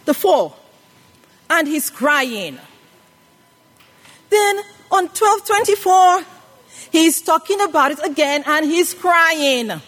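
A woman with a very high, slightly bright voice and lively intonation preaches slowly, with long pauses, in a reverberant worship hall. She calls out questions to the congregation in call-and-response fashion.

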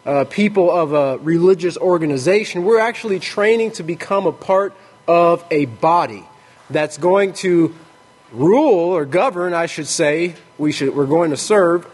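Brief: male preacher, pitched a little high, halting with "uh" restarts. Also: animated. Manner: warm greeting, many "uh" restarts. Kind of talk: sermon.

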